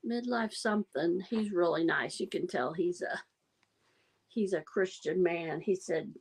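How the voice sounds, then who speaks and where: A woman's voice: lowish voice, unhurried, slightly rough, low-quality recording. A woman hosting a casual livestream, telling rambling stories and laughing often as she chats with viewers. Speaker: livestream host. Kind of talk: casual chat.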